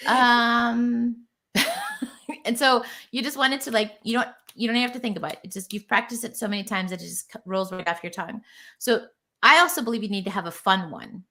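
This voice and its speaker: A woman's voice: a little high, big pitch swings, moderate pace, bright, forceful tone. A woman guest in an interview, a marketing strategist explaining her ideas with confidence. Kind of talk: casual interview chat.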